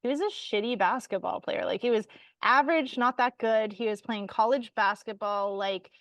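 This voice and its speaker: A woman co-hosting a casual spiritual podcast, talking in an animated way with frequent laughs and casual swearing. Her voice sits a little high and the recording is dry and close. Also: moderate pace, no room sound. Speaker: podcast co-host. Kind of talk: casual chat.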